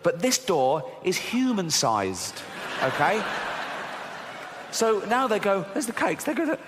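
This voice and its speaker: A man's voice: sits high, sing-song, takes it slowly. A middle-aged man doing a sweary, mocking stand-up routine full of rhetorical asides. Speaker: stand-up comedian. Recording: large hall with crowd noise.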